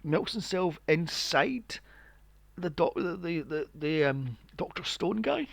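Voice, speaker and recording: Animated gravelly man ranting about a movie. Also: on the high side, slow pace, dry recording. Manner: animated, acts out scenes in mocking voices, swears often. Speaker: podcast host. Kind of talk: casual movie review chat.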